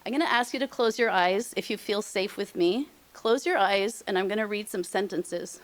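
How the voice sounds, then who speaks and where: A woman's voice: mid-range voice, normal speed. A middle-aged woman presenting on aging and senior housing, speaking emphatically and repeating her points, openly emotional. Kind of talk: heartfelt motivational talk.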